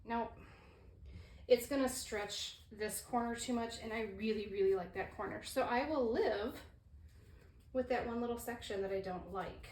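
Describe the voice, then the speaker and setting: A fairly high-voiced woman talks her way through a painting tutorial, thinking aloud and apologizing as she goes. Her voice bounces around a roomy studio. There is a faint hiss of ambient noise behind her. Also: normal speed, darkish tone. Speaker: fluid art painter demonstrating.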